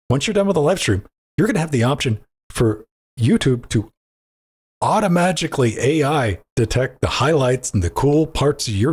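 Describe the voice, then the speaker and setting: A man's voice: medium pitch, darkish tone, slightly rough. A man co-hosting a gaming podcast in loose, rambling banter, swearing casually and restarting his sentences. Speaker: podcast co-host.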